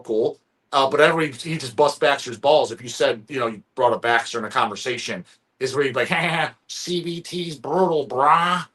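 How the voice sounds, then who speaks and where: A man's voice: medium pitch, fairly bright tone. A man hosting a casual live-stream chat, rambling and profane, often stumbling over restarts. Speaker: stream host.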